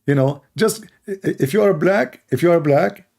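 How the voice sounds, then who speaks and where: A man with a gravelly, dark voice talks in a casual monologue. He speaks emphatically and repeats himself as he tells his stories. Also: a little high, moderate pace. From Middle East. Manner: emphatic, repetitive, storytelling. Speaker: online commentator.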